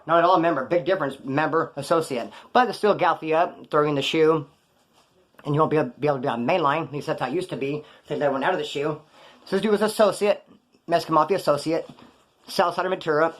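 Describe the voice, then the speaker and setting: A man's voice: a little high, a bit bright. A man casually recounting his prison days in slangy, profane street talk, rambling and correcting himself as he goes. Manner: loose, digressive, corrects himself mid-story. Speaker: former prisoner telling stories. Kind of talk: casual storytelling monologue.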